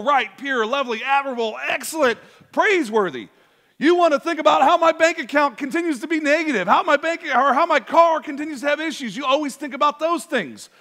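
A man preaches a sermon in a church, his voice high and strikingly bright. He swings from hushed asides to loud, pressing emphasis. A long hall reverb trails his words. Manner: animated, swings between soft asides and loud emphatic bursts. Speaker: pastor. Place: church sanctuary.

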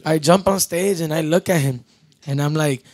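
A young man tells a story on a podcast, loose and full of swearing, switching between Spanish and English. His voice sits a little high for a man. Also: normal speed, darkish tone. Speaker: podcast guest, band member. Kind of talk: casual storytelling.

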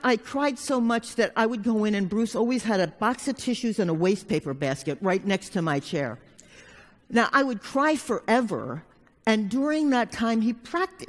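A woman therapist telling a personal story to a live audience, frank and plainspoken, now and then swearing. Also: on the high side. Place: conference hall. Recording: long hall reverb.

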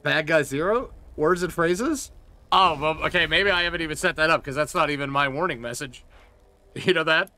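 A man hosting a casual live-stream of a game, excitable, swearing often and laughing a lot. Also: a little high, moderate pace. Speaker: streamer host.

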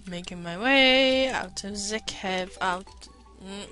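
Woman, gamer, casual play commentary, bright voice, playful asides to enemies, faint background music. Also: mid-range voice, a little slow. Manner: chatty, playfully scolding the game's enemies. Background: faint game music.

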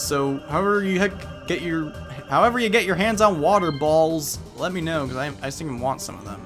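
A man casually commenting on a party video game, rambling and joking, often breaking into silly voices. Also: on the high side. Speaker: let's play gamer.

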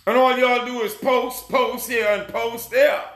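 A man preaching a fiery sermon, urgent and scolding, often breaking into shouts. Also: very high voice, little pitch movement, a little slow. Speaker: self-proclaimed messiah preacher. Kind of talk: fiery street-style sermon. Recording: roomy echo.

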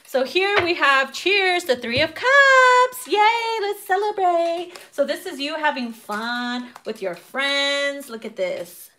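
In a high-pitched voice, slow and with hardly any pauses, a woman delivers a casual tarot reading. She's brash, swears, laughs a lot, and animatedly performs how people react, though her voice is wearing out as she goes.

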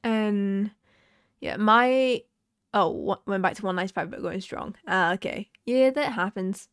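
A woman's voice: mid-range voice, a little slow, smooth, dry recording, clean studio sound. A woman streamer chatting casually while she draws, rambling along and swearing now and then.

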